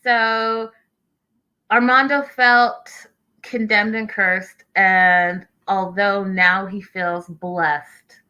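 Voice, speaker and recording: A woman's voice: mid-range voice, steady tone, extremely slow, pushed and bright, smooth, highs cut off. A woman host talking casually through a reality show recap, reading out live chat messages as she goes.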